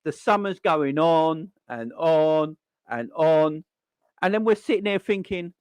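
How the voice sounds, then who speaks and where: A man talking in a casual livestream rant as a football fan, animated and repetitive, speaking to his chat. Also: fairly high pitch, takes it slowly, smooth, no room sound, rough recording.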